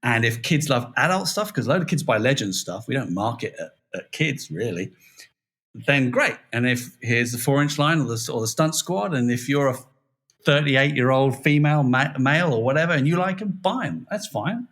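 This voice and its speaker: A man's voice: medium pitch, normal speed. Chatty British man, podcast guest. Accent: British English. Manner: chatty, self-deprecating, lively. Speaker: toy design director, podcast guest. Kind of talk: casual podcast interview.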